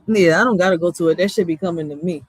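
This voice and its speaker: A man's voice: sits high, fast talker, breathy edge, dry recording, rough recording. A young man, chatting casually and rambling with slang and frequent laughs as he answers his chat. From US East Coast. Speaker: streamer responding to chat.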